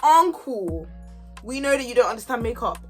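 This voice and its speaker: Chatty woman in her twenties, fairly high voice, faint music under, animated storytime delivery. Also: moderate pace. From Kent, England. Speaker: YouTuber. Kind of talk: storytime vlog chat.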